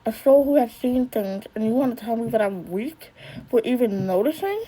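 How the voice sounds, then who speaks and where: A woman voicing a sharp-tongued, moody young girl who talks back in a defiant, earnest way. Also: on the high side, lively intonation, moderate pace, breathy edge, poor audio.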